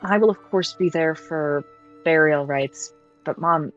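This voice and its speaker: A woman voicing an earnest young archer who speaks in a hesitant, halting way. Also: low voice, lo-fi sound, faint music behind.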